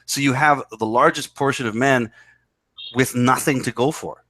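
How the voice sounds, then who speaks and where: A man's voice: mid-range voice, normal speed, bright, forceful tone, no room sound. A man in a casual chat, explaining his views at length and repeating himself. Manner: lecturing, repetitive explaining. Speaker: podcast co-host.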